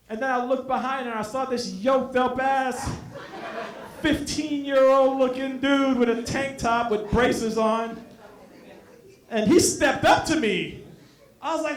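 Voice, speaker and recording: A man doing a stand-up comedy set, telling profane stories in an animated way with bursts of laughter. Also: extremely high pitch, normal speed, roomy sound. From Brooklyn. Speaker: stand-up comic and show host. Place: comedy venue with a live audience.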